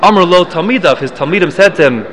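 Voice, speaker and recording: A man's voice: high voice, lively intonation, fast, a bit bright. A man teaching a Mishnah class, reading the Hebrew text and explaining it in English, often restarting and correcting himself. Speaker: Torah teacher.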